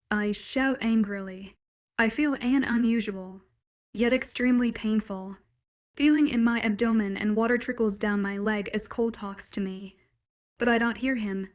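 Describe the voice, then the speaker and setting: A woman narrating a first-person story in a steady, even reading voice. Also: fairly high pitch, normal speed.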